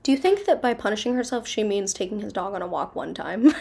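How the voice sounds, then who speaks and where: A woman's voice: medium pitch, expressive, brisk, gravelly, darkish tone, slight background noise. Chatty, sarcastic woman commentator. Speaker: video host. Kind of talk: casual commentary.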